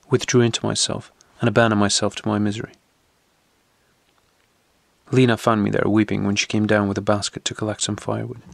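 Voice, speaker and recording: A man narrating a literary audiobook in a measured, earnest way. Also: lowish voice, vocal fry, no room sound.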